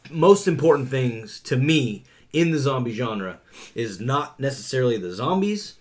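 A man co-hosting a casual podcast, opinionated and blunt, swearing freely and clearing his throat now and then. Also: mid-range voice, animated, normal speed, a crowd in the background. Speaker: podcast co-host. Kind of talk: casual chat.

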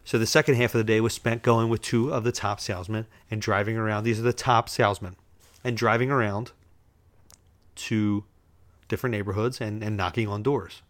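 A man's voice: lowish voice, fairly even intonation, a little fast. A man hosting a show, telling rambling, self-amused stories in a casual way, chuckling as he goes. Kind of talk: casual storytelling.

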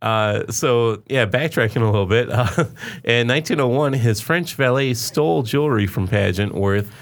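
A podcast co-host recounting a story in a relaxed, rambling way, laughing along as the story goes. The voice sits at a middle pitch. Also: moderate pace. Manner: laid-back, meandering, laughing. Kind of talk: casual storytelling.

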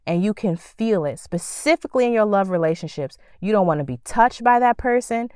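A woman hosting a podcast, delivering a faith-based motivational talk in an animated, preacherly way with bursts of sassy acted-out thoughts. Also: medium pitch, fairly quick, few pauses, no echo, clean studio sound. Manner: animated, preacherly, acts out quoted thoughts with playful sass. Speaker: podcast host.

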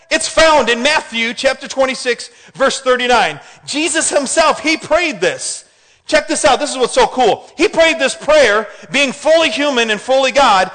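High-voiced animated male preacher in a hall. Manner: animated, preacherly, asks the congregation questions. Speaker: pastor. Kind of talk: sermon. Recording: hall reverb.

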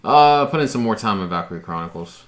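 A man co-hosting a casual chat, telling stories in a relaxed way and swearing freely. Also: lowish voice, quick pace. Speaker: podcast co-host.

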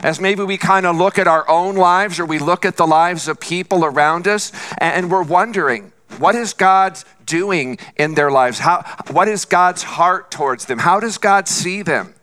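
Slow, bright-voiced male pastor preaching. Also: high-pitched. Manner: earnest, repeats for emphasis. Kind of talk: sermon.

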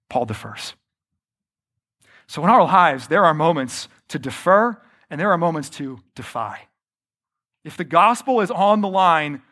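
A man's voice: on the high side, big pitch swings, moderate pace, fairly bright tone. A male pastor preaching a sermon in an earnest, conversational way, posing rhetorical questions to the congregation.

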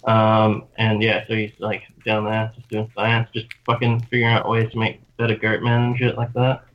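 A man's voice: on the low side, completely flat delivery, normal speed. A man with an Australian accent telling long, rambling, profane stories in casual chat. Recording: dull lo-fi sound.

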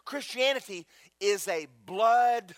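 A man's voice: extremely high pitch, slow pace, no echo. A man preaching a sermon to his church, telling jokes and stories and talking straight to the congregation. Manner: animated, joking storyteller addressing the congregation. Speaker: pastor.

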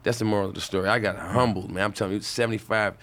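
A man's voice: lowish voice, fairly even intonation, rapid-fire, fairly bright tone. A male comedian telling a stand-up story in casual, profane talk, full of restarts.

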